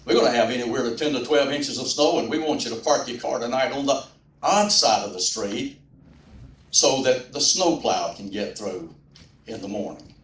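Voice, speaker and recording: A man's voice: medium pitch, expressive, moderate pace, natural voice. A man quoting a radio weather announcer in a formal announcing tone. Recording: roomy, distant mic at a rally.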